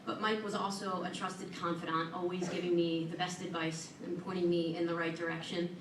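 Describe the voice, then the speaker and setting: Woman inductee, low-ish voice, earnest podium speech, echoey hall, heard from a distance. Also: level tone, brisk, background noise. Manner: earnest and warm, with self-deprecating humor. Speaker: hall of fame inductee giving acceptance speech. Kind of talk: prepared acceptance speech. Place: large event hall at an awards ceremony. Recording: echoey room, voice from far off.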